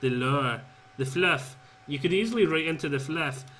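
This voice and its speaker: A man's voice: a little high, expressive, normal speed, sharp tone, slight background noise. A man hosting a casual co-op game session, easygoing and chatty about game lore. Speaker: gamer, channel host. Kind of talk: casual co-op gaming chat.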